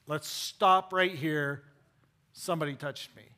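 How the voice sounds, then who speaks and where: A man's voice: on the high side, fairly even intonation, a little slow, pushed and bright. A man voicing impatient, exasperated followers in a casual, everyday tone. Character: impatient male followers hurrying their leader.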